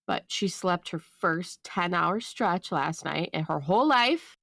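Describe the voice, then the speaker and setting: A woman in her thirties co-hosting a casual podcast, talking in a chatty, halting way with many fillers. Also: on the low side, vocal fry, fairly bright tone, no room sound, studio quality. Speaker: podcast co-host. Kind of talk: casual chat.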